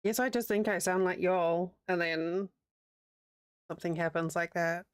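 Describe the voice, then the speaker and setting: A woman's voice: fairly low pitch, steady tone, measured pace, clear, resonant tone, no room sound, studio quality. A woman in her thirties with a New Zealand accent, chatting casually and rambling while crocheting on a livestream, laughing easily. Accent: New Zealand, with a slight American Southern tinge.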